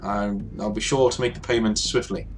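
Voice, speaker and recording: A man's voice: on the low side, fairly even intonation, brisk, soft background music, close to an everyday voice. A man voicing a nervous, self-conscious pudgy merchant who stammers and frets. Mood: flustered. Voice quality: stammering, fidgety.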